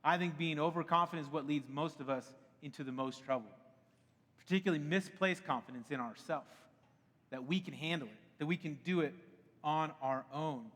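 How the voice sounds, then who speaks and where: A man in his thirties preaching a sermon to a church, in a conversational, animated way that breaks often into laughter. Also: fairly high pitch, normal speed. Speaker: pastor. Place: church auditorium. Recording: long hall reverb.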